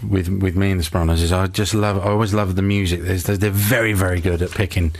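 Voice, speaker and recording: A man's voice: deep voice, steady tone, quick pace, no echo. A man hosting a casual radio interview, rambling with restarts and chuckles. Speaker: radio host. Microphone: studio microphone.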